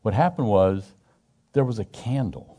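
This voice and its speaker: A man's voice: lowish voice, expressive, unhurried, warm tone. A middle-aged man teaching scripture in a loose, conversational way, emphatic and asking his group questions, often restarting his sentences. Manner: frequent restarts and repetitions. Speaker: Bible study teacher.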